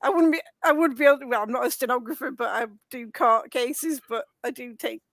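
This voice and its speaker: Giggly high-voiced woman co-host. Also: brisk. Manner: giggly, animated. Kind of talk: reaction commentary.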